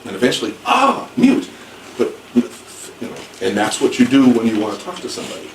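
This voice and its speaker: A man teaching an English class, speaking slowly and clearly and rephrasing things so learners can follow. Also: lowish voice, fairly even intonation, darkish tone. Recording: echoey room, distant mic, background noise.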